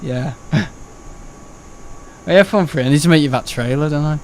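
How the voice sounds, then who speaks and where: A man's voice: a little high, normal speed, darkish tone, a little hiss or hum. Chatty young man streaming. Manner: rambling, chatty, swears and laughs often. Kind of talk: casual live-stream chat.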